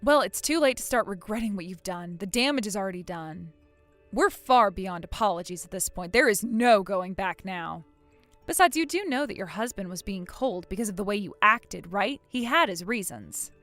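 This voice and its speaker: A woman's voice: medium pitch, animated, normal speed, fairly bright tone, soft background music. A woman voicing a cold, furious young wife who scolds her sister-in-law without mercy. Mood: stern. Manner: stern, scolding, unforgiving.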